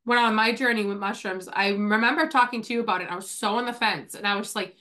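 A woman's voice: medium pitch, fairly even intonation, fast, sharp tone. A woman hosting a podcast in casual chat, talking with lots of filler words while coming down with a cold. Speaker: podcast host.

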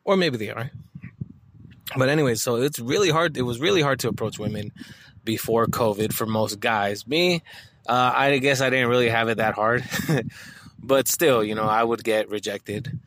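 A man's voice: medium pitch, moderate pace, a bit bright, slight background noise. A man talking casually in a monologue, swearing often and rambling with lots of filler words.

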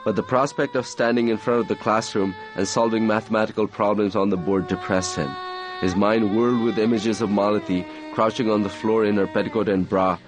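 A man reading aloud from his own novel in a measured, even storytelling manner. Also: lowish voice, over music.

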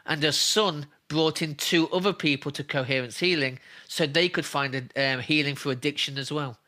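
Man, interview guest, heartfelt storytelling, emphatic repetitions, forceful tone. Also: fairly high pitch, fairly even intonation, normal speed. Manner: earnest, emphatic, repeats himself for stress. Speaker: interview guest, spiritual healer. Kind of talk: emotional personal storytelling.

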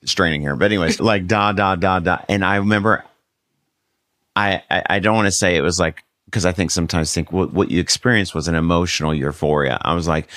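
A man's voice: sits low, fairly quick, a bit bright, no echo, studio quality. A male pastor, a guest on the show, telling his testimony in a rambling, conversational way with lots of fillers. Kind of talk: storytelling testimony in casual chat.

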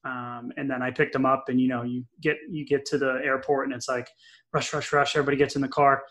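Middle-aged male podcast co-host, chatty storyteller, mid pitch, lots of ums. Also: quick pace. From New England. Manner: chatty, animated storyteller with many fillers. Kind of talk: casual podcast chat, storytelling.

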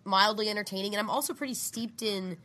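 A woman's voice: mid-range voice, sharp tone, slight background noise. Playful woman podcast co-host. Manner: playful, quick to laugh, chatty. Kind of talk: casual podcast chat.

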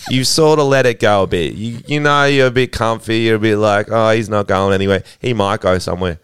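A man voicing a crude, rambling English man who leaves a voicemail full of swearing and fumbling pauses. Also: lowish voice, a bit bright, clear, resonant tone, no echo, studio quality, close to an everyday voice. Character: crude rambling English man, a brother giving bad news. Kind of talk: improvised comic voicemail bit.

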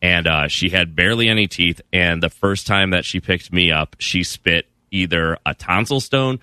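A man's voice: low voice, normal speed, pushed and bright, clear, resonant tone, no room sound, studio quality. A man telling a sheepish, self-deprecating story in a casual chat.

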